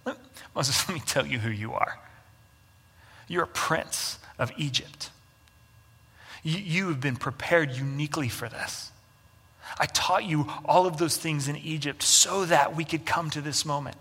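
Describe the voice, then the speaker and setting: A man speaking softly and tenderly as a reassuring God. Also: on the high side, measured pace, pauses often, slightly rough, exaggerated voice. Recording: echoey hall.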